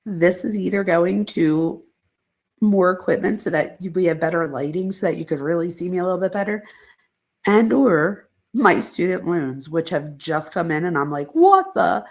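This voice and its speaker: Gravelly middle-aged woman chatting on a stream. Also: lowish voice, normal speed, a little mellow. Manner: rambling, chatty, reads viewer comments aloud. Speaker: psychologist hosting a live stream. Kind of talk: casual live-stream chat with viewers.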